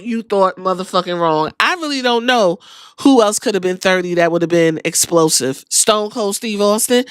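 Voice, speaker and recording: A woman hosting a podcast, recapping events in a casual, profane, animated storytelling style. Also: mid-range voice, clean tone, dry recording. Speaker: podcast host.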